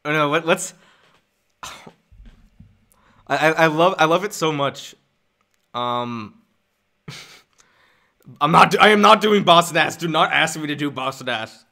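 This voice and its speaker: A young man chatting casually on a live stream, animated and laughing often, stumbling and restarting his sentences. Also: on the high side, a little slow, creaky, pauses often.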